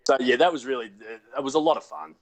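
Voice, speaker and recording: An Australian actor, appearing as a guest over a video call from home, casually chats and tells laid-back, self-deprecating stories. He has a mid-range voice and talks fast.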